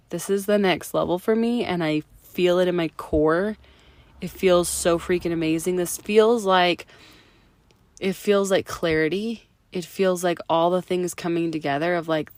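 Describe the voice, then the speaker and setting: A woman in her thirties hosting her own podcast, slightly hoarse from illness, talking in an excited, effusive way and dropping to a whisper for emphasis. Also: lowish voice, no room sound. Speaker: podcast host. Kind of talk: solo podcast monologue.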